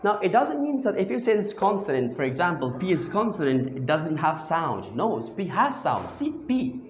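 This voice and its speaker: A man's voice: high voice, huge pitch swings, normal speed, slight background noise. A man teaches grammar in a classroom. He keeps firing questions at his students and repeating key words back to them. The room is echoey and reverberant.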